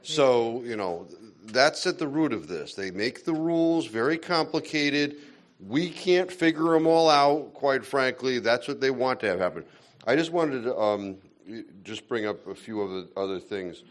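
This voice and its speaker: A man's voice: mid-range voice, expressive, measured pace. A man speaking at a members meeting in a blunt, persuasive way. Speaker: speaker at a gun owners meeting.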